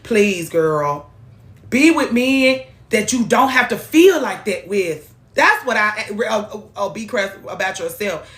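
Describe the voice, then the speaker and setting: A woman giving blunt, profane, animated relationship advice on a live stream. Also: medium pitch, slow, reverberant.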